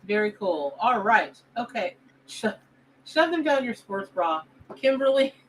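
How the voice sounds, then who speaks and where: A woman's voice: a little high, sing-song, a little slow, far from the mic, slight background noise, poor audio. A woman hosting a live tarot stream, bubbly and chatty with her viewers. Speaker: tarot reader and show host. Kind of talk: live stream chat reading.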